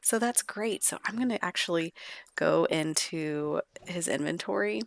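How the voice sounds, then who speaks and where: Woman let's-play host, chatty and playful, low and gravelly. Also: measured pace, no room sound. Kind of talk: casual gameplay commentary.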